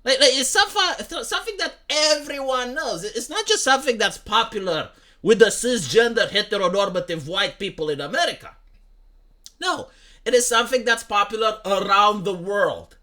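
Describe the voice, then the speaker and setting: A man's voice: high voice, animated, moderate pace, bright, forceful tone. A young man ranting in profane, heated commentary, often repeating "like" and "right?". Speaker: commentary streamer.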